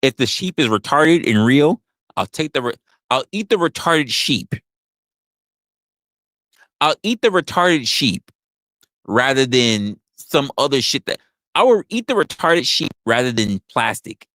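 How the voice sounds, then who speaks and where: A man's voice: medium pitch, big pitch swings, a little slow, long pauses, sharp tone, no echo. Emphatic, profane man ranting. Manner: profane, emphatic, repeats himself. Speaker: podcast host. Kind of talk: opinionated casual rant.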